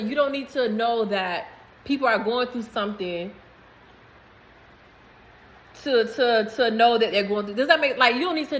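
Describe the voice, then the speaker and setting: Bright-voiced woman rambling to camera. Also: on the high side, rough recording. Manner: rambling, repeats herself, laughs between phrases. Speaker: vlogger. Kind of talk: casual spiritual talk to camera.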